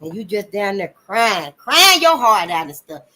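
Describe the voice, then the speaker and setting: A woman hosting her channel, giving blunt, profane commentary and calling listeners honey, swinging between loud outbursts and low asides. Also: sing-song, measured pace. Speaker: channel host. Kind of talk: impassioned commentary.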